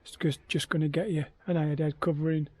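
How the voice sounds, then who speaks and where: A man's voice: on the high side, little pitch movement, quick pace, darkish tone, no room sound. A man, worn out after heatstroke, vlogging about his ultra run in a rambling, hesitant way with many ums. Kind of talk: casual self-filmed vlog.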